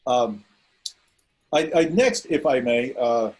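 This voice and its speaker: A man's voice: medium pitch, takes it slowly, darkish tone, breathy edge, low-quality recording. A man hosting an online memorial event over a video call, introducing speakers in a rambling way with many fillers. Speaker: event host.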